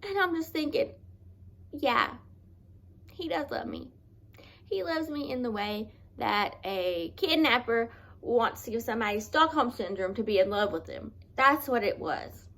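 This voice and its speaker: A woman vlogger telling a personal story in an earnest, halting, confessional way, often restarting her sentences. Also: a little high, expressive, fairly bright tone.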